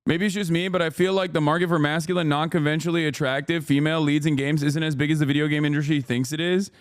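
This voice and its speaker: Profane, animated male streamer with a high voice. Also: quick pace, smooth, no echo, studio quality. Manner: profane, animated and exasperated, with frequent restarts. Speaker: streamer host. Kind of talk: reaction commentary.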